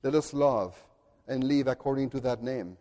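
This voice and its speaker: A male pastor preaching a sermon in a large church, emphatic, building up to loud declarations. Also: medium pitch, normal speed. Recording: long reverb of a church hall.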